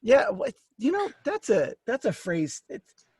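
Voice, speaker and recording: A man's voice: very high voice, huge pitch swings, measured pace, a little mellow, slightly rough, no echo. A man co-hosting a podcast in casual chat, with wry, dry humor. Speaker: podcast co-host.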